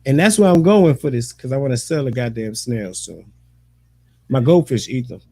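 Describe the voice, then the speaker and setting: A man's voice: medium pitch, animated, normal speed, mellow, husky. A man hosting a casual chat, telling stories animatedly with lots of profane slang and frequent laughter. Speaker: podcast host.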